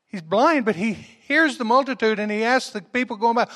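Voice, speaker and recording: A man preaches a sermon in a high voice, retelling stories in a folksy way. He often calls on the congregation to answer back, with frequent restarts as he goes. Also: moderate pace, a bit bright.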